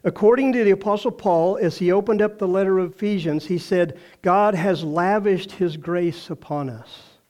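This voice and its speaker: Older man, Texan accent, pastor preaching, high-pitched voice, folksy storytelling. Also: moderate pace, few pauses, darkish tone. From Texas. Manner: folksy storytelling, acts out quoted voices, laughs often. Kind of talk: sermon.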